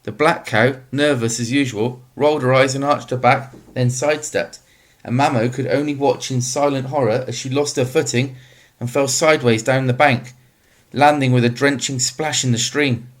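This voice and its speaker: A man narrating a children's novel in a steady, measured reading voice. His pitch sits in the middle range for a man, and he paces the story evenly. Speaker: audiobook narrator.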